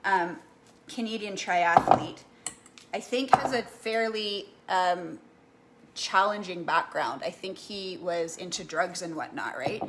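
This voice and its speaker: A cooking vlogger talks casually to the camera in her kitchen, rambling and chatty and often asking "right?". Her lowish voice moves slowly, picked up by the camera mic with reverb and a noisy background.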